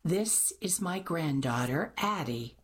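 A woman's voice: sits low, expressive, slow pace, husky, exaggerated voice. A woman voicing a sardonic grandmother with a dry, cutting way of talking. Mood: tart. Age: older. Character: sardonic grandmother, tart and prickly.

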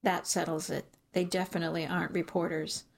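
Gravelly, husky woman narrating a story. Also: fairly low pitch, little pitch movement. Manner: measured storytelling. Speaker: audiobook narrator. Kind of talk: first-person scripted narration.

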